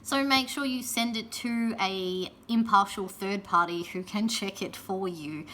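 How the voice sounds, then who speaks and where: A young woman giving chatty, casual advice in a vlog, often checking in with "yeah?" and filling pauses with "um". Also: medium pitch, fairly bright tone. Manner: chatty, frequent "yeah?" tag questions and ums. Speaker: pole and aerial competition vlogger.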